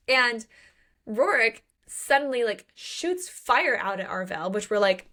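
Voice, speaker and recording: Animated woman acting out a book's scenes. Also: on the high side, slow pace. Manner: animated, acts out characters' lines in playful voices, laughs often. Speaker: book podcast co-host. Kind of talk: casual chat recapping a book.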